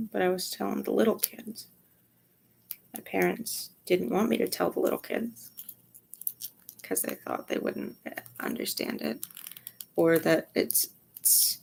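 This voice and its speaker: In this candid vlog monologue, a tired young woman rambles to camera, cursing freely and frequently sinking almost to a whisper. Her mid-range voice carries vocal fry and a slightly mellow quality, with a bit of background noise.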